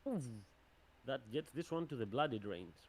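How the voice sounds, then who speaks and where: A man running a tabletop game as game master, thinking aloud in a plain, even way. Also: mid-range voice, moderate pace, slight background noise.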